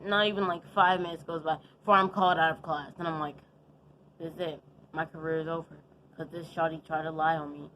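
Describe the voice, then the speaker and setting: A young woman with a lowish voice tells a story straight to camera in a loose, chatty way. She keeps throwing in fillers and side comments as she goes. Faint noise sits behind her. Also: low-quality recording. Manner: chatty and animated, full of fillers and asides. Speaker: vlogger. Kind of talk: casual storytime monologue. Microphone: adjusting the camera setup while talking.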